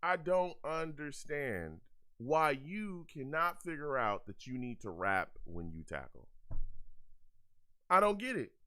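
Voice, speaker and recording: A young man calls a game live for his fan show, his voice riding a little high and swinging wildly from low grumbles to loud outbursts. He rants in exasperation, says the same complaint over and over, and stops to read chat comments aloud. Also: big pitch swings, slow pace. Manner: exasperated, ranting, repeats himself.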